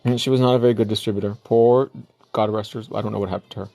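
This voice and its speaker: A man's voice: lowish voice, fairly even intonation, rapid-fire, gravelly, warm tone, dry recording. A man co-hosting a livestream in casual chat, enthusiastic and talkative, peppering his speech with "like". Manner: chatty, enthusiastic, heavy use of "like". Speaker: livestream co-host. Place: Guam.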